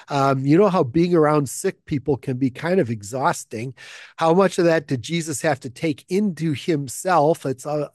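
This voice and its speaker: A man's voice: fairly high pitch, darkish tone, no echo, studio quality. Man leading an informal Bible study. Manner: conversational, thinking aloud with frequent fillers and restarts; asks rhetorical questions.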